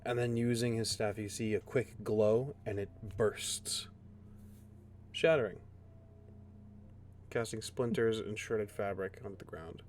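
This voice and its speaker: A man runs a tabletop fantasy game, describing scenes at an unhurried, deliberate pace. His voice sits a little low, and faint ambience hums behind him. He answers players with short, formal replies. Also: steady tone, a little mellow, slight background noise. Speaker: game master.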